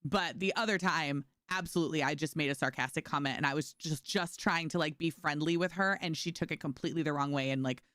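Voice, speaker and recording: A woman's voice: low-pitched, fast talker, hardly any pauses, fairly bright tone, no room sound, clean studio sound. A woman from New York streaming a game, reading chat aloud and answering it in a chatty, sarcastic way. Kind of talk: casual chat with stream chat while gaming.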